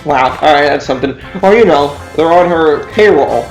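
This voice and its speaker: A man's voice: on the high side, normal speed, few pauses. A man doing gameplay commentary, reading game text aloud, jokey and sarcastic and swearing freely. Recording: echoey room with faint game music.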